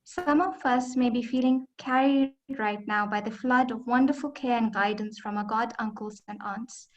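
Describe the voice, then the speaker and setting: A woman's voice: a little high, steady tone, normal speed, muffled recording. A woman moderating an online class, reading out comments in a hesitant way with many fillers.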